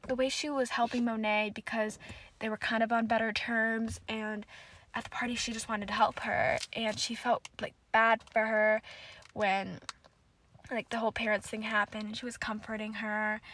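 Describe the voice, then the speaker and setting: Woman, podcast host, casual solo recap, emotional, gushing, frequent swearing, slightly high voice. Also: level tone, moderate pace, a bit bright, a little hiss or hum.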